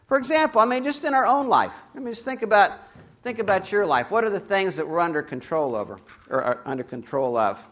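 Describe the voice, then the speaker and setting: A man preaching a sermon as a pastor, an animated storyteller who acts out quoted voices and adds humorous asides. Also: high-pitched, a little fast.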